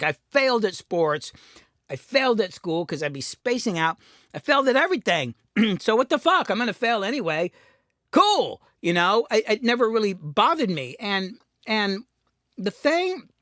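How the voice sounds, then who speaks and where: A man's voice: high voice, pushed and bright, no echo, clean studio sound. A middle-aged man, telling rambling, self-deprecating stories in a casual rant and acting out the voices in them. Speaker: music producer and channel host.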